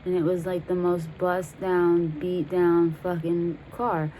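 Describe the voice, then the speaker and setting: Brief: young woman in her twenties, lowish voice, casual swearing storyteller, faint background noise. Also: flat delivery, slow, warm tone, low-quality recording. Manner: profane, rambling, laughs while telling. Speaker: vlogger.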